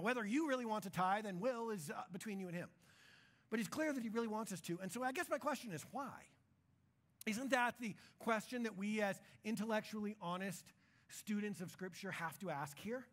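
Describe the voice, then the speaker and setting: Man, pastor, high voice, casual jokey sermon, church. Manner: conversational, animated, jokey preaching.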